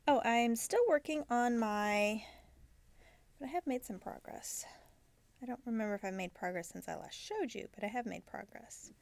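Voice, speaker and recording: Woman host, a little high-pitched, casual and chatty, self-correcting, knitting show-and-tell. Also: moderate pace, vocal fry, dry recording. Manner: chatty, self-correcting, drops into soft asides.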